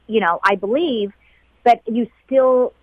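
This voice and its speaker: A woman who was a flight attendant, being interviewed about a painful day. She talks in a halting, emotional way and often repeats herself. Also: a little high, no echo. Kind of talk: emotional personal recollection. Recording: dull lo-fi sound.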